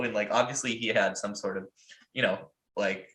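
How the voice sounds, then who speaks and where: A man's voice: on the low side, fairly even intonation, moderate pace, a bit bright. An American man telling a long story on a podcast in a casual, profane way, rambling with lots of fillers. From United States. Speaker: podcast host. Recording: roomy echo.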